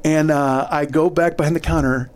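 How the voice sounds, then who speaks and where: Middle-aged comedian, slightly high voice, lively storyteller who acts out quotes. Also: male voice, normal speed. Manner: animated, laughing storyteller acting out quotes. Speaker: comedian guest. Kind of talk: casual storytelling.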